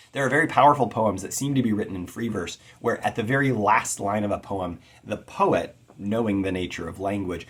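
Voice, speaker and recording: A man giving an earnest, expressive lecture on poetic meter, sounding out rhythms as he teaches. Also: fairly low pitch, husky. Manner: earnest and expressive, tapping out rhythms with spoken syllables. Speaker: poetry teacher.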